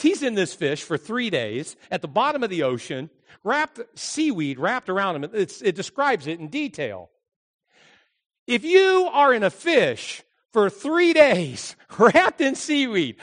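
Lively high-voiced male pastor. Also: measured pace, in a large hall. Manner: animated storytelling, acting out voices. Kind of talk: sermon.

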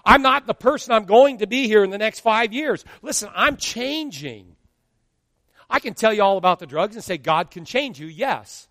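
A man in his fifties, a pastor preaching an animated sermon and acting out quotes from his congregation. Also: high-pitched, moderate pace, dry recording, studio quality, in a large hall. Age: 50s.

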